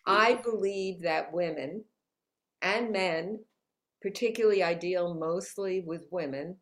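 An author being interviewed in New York City, this woman speaks with uplifting, motivational energy and laughs often. Her voice leans low and a bit bright, and she takes her time.

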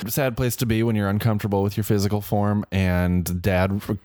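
A man co-hosting a comedy podcast, riffing in a deadpan, rambling way. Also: fairly low pitch, fairly quick, dry recording. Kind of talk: casual comedic banter.

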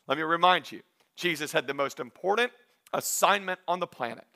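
Bright-voiced, high-pitched male pastor preaching. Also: brisk. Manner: animated preaching with acted-out asides and humor. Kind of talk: sermon.

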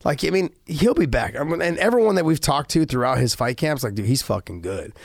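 A man's voice: on the high side, animated, brisk, creaky, no room sound, clean studio sound. A man co-hosting a casual talk show, eager and stumbling over restarts. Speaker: co-host. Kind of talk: casual podcast chat.

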